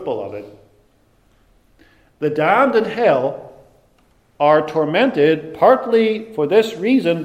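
A man preaching a sermon, deliberate and emphatic, with dramatic pauses. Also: fairly high pitch, a little mellow, roomy sound.

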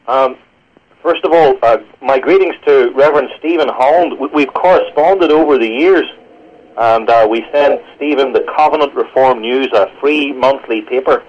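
A man's voice: medium pitch, a little hiss or hum. A man with a British accent, a pastor and guest, explaining theology earnestly and quoting scripture over a phone line. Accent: British English. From Britain. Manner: earnest, measured, quotes scripture with stumbles.

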